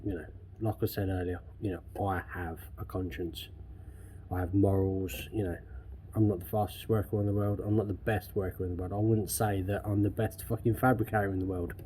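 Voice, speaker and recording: A man's voice: low-pitched, little pitch movement, fairly quick, warm tone, slight background noise. A man restoring a car in his workshop vlog, ranting angrily with heavy swearing. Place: garage workshop.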